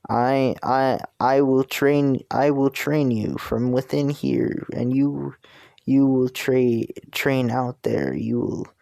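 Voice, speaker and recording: A man voicing a mighty old pirate captain with a deep voice and a slight British accent, speaking as a calm mentor in slow, grand pronouncements. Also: gravelly, dry recording. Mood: solemn.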